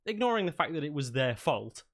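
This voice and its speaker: A man's voice: on the high side, sing-song, a little fast, fairly bright tone. A man narrating as game master, rambling with lots of fillers and restarts.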